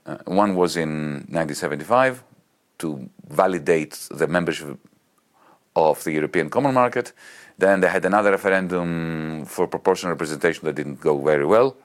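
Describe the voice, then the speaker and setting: A man's voice: low-pitched, brisk. A man from Greece speaking as an interview guest, arguing his point emphatically and repeating words as he searches for them. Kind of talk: conversational argument.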